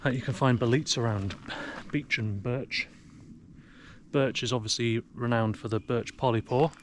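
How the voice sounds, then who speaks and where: A man's voice: medium pitch, steady tone, moderate pace. Outdoor vlogger, English man, chatty, recorded on a camera in the woods with wind noise. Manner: chatty, talks to his dog in a raised sing-song voice. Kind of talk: casual walking commentary. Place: outdoors in a forest. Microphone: action camera.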